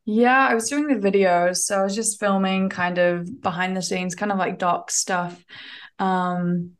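A woman's voice: medium pitch, fairly even intonation, unhurried. A young woman with a New Zealand accent talks as a podcast guest. She is chatty and self-deprecating, full of ums and false starts, in a mid-range voice. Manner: chatty, self-deprecating, lots of fillers and restarts. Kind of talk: casual podcast interview.

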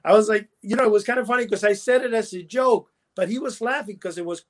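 A man's voice: sits high, fast talker. A man co-hosting a casual chat show, rambling through his stories with restarts and laughing at his own jokes. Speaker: podcast co-host.

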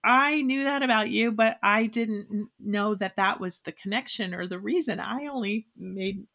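A woman's voice: mid-range voice, normal speed, gravelly, sharp tone. A woman co-hosting a podcast in casual chat, leading the conversation with questions. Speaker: podcast co-host.

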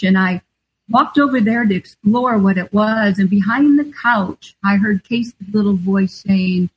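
A middle-aged author, a guest on the show, earnestly shares a confessional personal story as her interview answer. Her voice is husky and medium in pitch, and the recording is rough.

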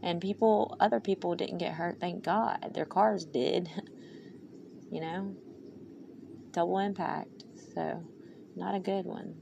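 A woman's voice: lowish voice, steady tone, takes it slowly, gravelly, pauses often. A woman hosting her podcast, talking in a rambling, heartfelt way with a valley-girl lilt. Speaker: podcast host. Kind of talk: casual personal monologue. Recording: noisy recording.

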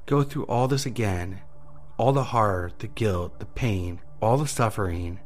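A man's voice: lowish voice, unhurried, close to an everyday voice. A man voicing a smug, mocking male deal maker who taunts with gleeful amusement in a horror story reading. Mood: taunting.

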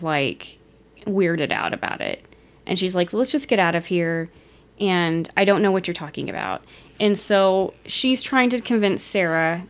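A woman retelling a story in a casual, chatty way, giggling and sometimes losing her place. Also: lowish voice. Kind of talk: casual storytelling of a ghost encounter.

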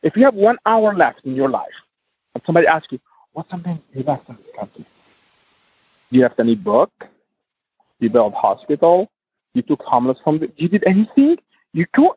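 A man's voice: on the high side, big pitch swings, moderate pace, long pauses, breathy edge, no echo, muffled recording. A man, a podcast guest, speaking passionately in emphatic, repetitive English. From Tunisia. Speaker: guest entrepreneur. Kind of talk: podcast interview.

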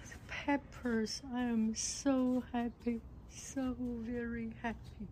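Lady vlogging out in her garden, slow, gasps a lot, a bit high, faint noise behind. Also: little pitch movement, mellow, poor audio. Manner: gasping and delighted, repeats herself. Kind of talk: casual garden vlog. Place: home garden, outdoors.

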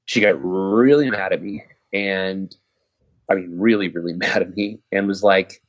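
A man casually telling a personal story, halting and restarting often, swearing now and then. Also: low voice, lo-fi sound. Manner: halting, frequent restarts and fillers.

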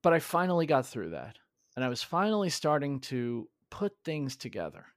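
A man's voice: mid-range voice, sing-song, dry recording. Earnest man, dry close sound. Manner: earnest, halting with restarts. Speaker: podcast guest. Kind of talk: candid conversational storytelling.

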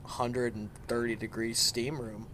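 A man's voice: mid-range voice, flat delivery, a little slow, a bit bright, a little hiss or hum. A man co-hosting a podcast, making crude jokes in casual chat. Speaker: podcast co-host.

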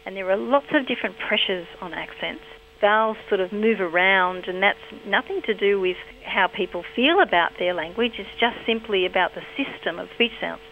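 A woman researcher explains her field in a measured, academic way. The recording is muffled and lo-fi. A faint hum runs underneath. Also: medium pitch, gravelly. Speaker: linguistics researcher. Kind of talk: explanatory interview answers.

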